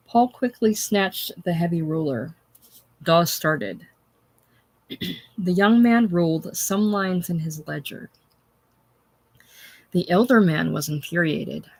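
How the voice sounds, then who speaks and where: Slow, unhurried audiobook narrator. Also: mid-range voice, no room sound. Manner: unhurried, plain reading. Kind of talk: unabridged novel reading.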